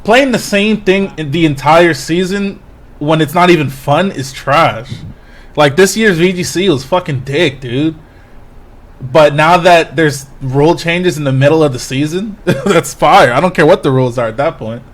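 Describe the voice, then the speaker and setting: A man's voice: fairly high pitch, moderate pace. A man co-hosting a casual podcast, talking in a brash, profane, trash-talking way. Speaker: podcast co-host.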